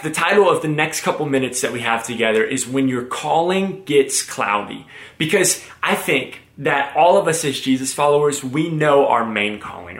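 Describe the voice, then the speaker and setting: A young man preaching a sermon, with energetic, joking and animated storytelling. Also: mid-range voice. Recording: roomy echo.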